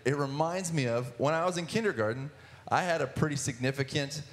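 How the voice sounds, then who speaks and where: A man's voice: a little high, brisk. A young man in his twenties telling his personal testimony in church, earnest, with many restarts and filler words. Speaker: guest speaker sharing testimony.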